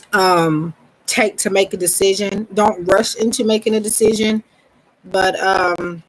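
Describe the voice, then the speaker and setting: Woman doing a tarot reading live, loose and rambly, lots of ums, mid-pitched voice. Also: a little hiss or hum, rough recording. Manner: relaxed, rambling, frequent ums; greets viewers mid-reading. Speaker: tarot reader.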